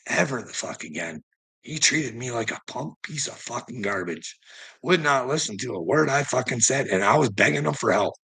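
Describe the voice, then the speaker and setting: A man with a gravelly voice in an angry, profane rant, laughing between lines and tagging sentences with "eh" and "you know what I mean". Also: mid-range voice, lively intonation, moderate pace, pushed and bright. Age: adult, father of grown sons. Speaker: vlogger ranting to camera.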